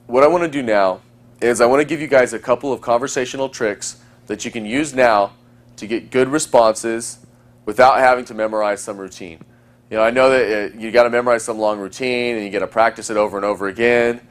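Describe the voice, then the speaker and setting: A man in the middle of his range, teaching in a fast, chatty flow. He coaches listeners on dating and slips into playful example lines. His delivery is conversational, like a recorded lesson. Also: mid-range voice, steady tone.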